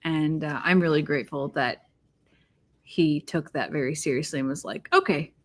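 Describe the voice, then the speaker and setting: A woman co-hosting a casual chat, speaking candidly and gratefully in a soft voice. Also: low-pitched, moderate pace. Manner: candid, soft-spoken, thankful. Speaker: co-host.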